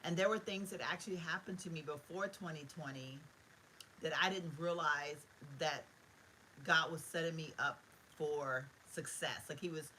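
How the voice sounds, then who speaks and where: A woman's voice: sits low, moderate pace, bright, forceful tone, a little hiss or hum, poor audio. A middle-aged woman, chatting live from her bedroom to viewers in a heartfelt, rambling way. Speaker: vlogger. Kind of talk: casual live-stream chat. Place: bedroom at home.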